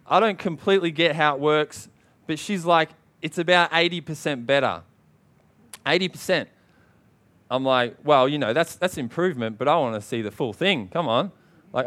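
A man preaching with a voice pitched a little above the usual for men. He talks in emphatic bursts and keeps calling out to the congregation for a response. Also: a bit bright. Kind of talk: sermon.

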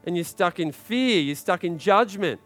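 A man with a high, bright-toned voice preaching a sermon in church, pressing his listeners with repeated calls and rising to shouted climaxes. Soft instrumental music plays faintly underneath. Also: expressive, normal speed. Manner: urgent, repetitive exhortation with rising shouted climaxes.

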